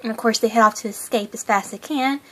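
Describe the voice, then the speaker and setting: A woman's voice: on the high side, quick pace. A young woman hosting her own fan channel, chatting casually about a cartoon in a gushing, giggly way.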